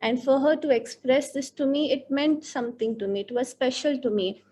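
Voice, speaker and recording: A woman's voice: high voice, normal speed, dark tone. A woman counselor, leading a workshop for teachers in an earnest, reflective way and dwelling on key words. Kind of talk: workshop talk to participants.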